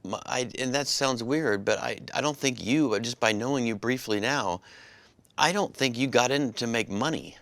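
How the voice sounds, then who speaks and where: Gravelly man telling stories, dry sound. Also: mid-range voice, dry recording. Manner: animated anecdote-telling, quick asides. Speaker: comedian guest. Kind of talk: casual interview chat, storytelling.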